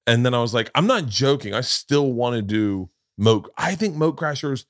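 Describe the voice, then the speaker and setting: A podcast host tells stories in casual chat, acting out quotes with big jumps in pitch and an animated delivery. He speaks at normal speed, and the studio recording is clean with no room sound.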